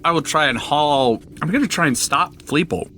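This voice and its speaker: A man's voice: on the high side, bright, forceful tone. A man playing a tabletop game who chats casually and protests playfully. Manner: playful, protesting, quick to laugh. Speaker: player.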